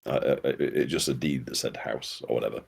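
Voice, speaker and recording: A man guesting on a podcast in casual conversation, halting and restarting his sentences, often chuckling. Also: extremely low pitch, gravelly, husky.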